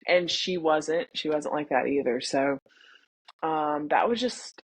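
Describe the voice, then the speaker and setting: Slow and slightly rough, this low female voice belongs to a young podcast guest. In a relaxed interview she opens up with real feeling, frequently acting out her family's lines.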